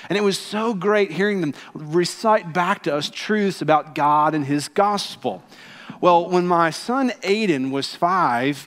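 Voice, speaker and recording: Animated man preaching in a church hall. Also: a little high. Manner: animated, warm storytelling with playful asides to the congregation. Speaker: pastor. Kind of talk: sermon. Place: church auditorium.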